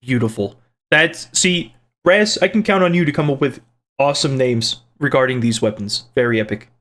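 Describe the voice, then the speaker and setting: This channel host speaks at medium pitch and a moderate pace, his tone a bit bright. He reads viewer comments aloud and responds casually, rambling playfully with restarts and jokes on the side.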